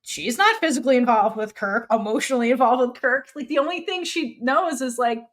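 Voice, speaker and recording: Brief: animated woman co-host, fairly high voice with a lively, swooping range, casual podcast chat. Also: a little fast. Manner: animated, acts out characters' lines in bursts of high pitch.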